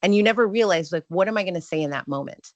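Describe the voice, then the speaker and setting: A middle-aged woman, a podcast guest, telling stories in an animated, casual way. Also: lowish voice, quick pace, dry recording. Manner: animated storyteller.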